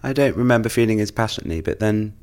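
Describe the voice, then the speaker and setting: Man, podcast co-host, casual chat, lively swooping pitch, dry self-mocking humor. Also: very fast.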